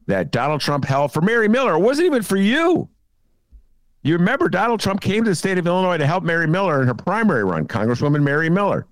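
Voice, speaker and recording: Sarcastic man ranting on politics. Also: no echo. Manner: sarcastic, scolding, swinging between loud jabs and low asides. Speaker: podcast co-host. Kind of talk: political commentary chat.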